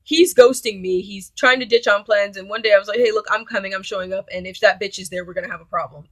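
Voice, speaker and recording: A young woman recounts a personal story in a casual, blunt way, swearing freely and quoting both sides of the exchange. Her voice sits at a middle pitch for a woman. It is recorded close and dry, with no room sound behind her. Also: steady tone, fast talker, dry recording. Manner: blunt, profane, indignant retelling with quoted dialogue.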